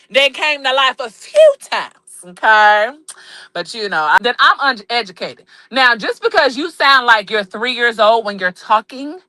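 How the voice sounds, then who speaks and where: Woman on a phone live, aave, sassy and swearing, bright sharp voice, pitched a bit high. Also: dry recording. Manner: sassy, blunt, swears freely, laughs often. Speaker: live-stream host. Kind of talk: casual live-stream chat.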